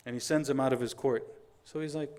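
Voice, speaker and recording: A fast-paced male preacher in middle age delivering a Friday sermon. He tells the story with lively energy and slips into the voices of the people in it, quick on his quotations, at an everyday mid pitch. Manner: animated storyteller, acts out dialogue, recites Arabic quotations quickly.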